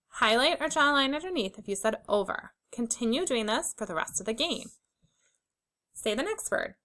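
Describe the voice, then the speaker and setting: A young adult woman teaching a phonics lesson to young children, sounding out letters slowly and clearly with encouraging praise. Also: a little high, very animated, pushed and bright, poor audio.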